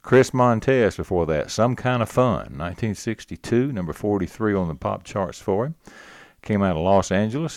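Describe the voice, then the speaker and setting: A man's voice: sits low, a little mellow, dry recording, studio quality. A man hosting an oldies radio show, chatting about old records in an easygoing way with lots of filler words. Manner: easygoing, unhurried, with frequent "uh" fillers. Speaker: radio disc jockey.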